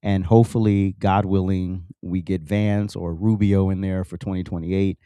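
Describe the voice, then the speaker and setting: A man's voice: deep voice, flat delivery, normal speed, mellow, smooth, no room sound. A man hosting a political commentary show, ranting emphatically with sarcastic asides and plenty of repetition. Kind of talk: political rant monologue.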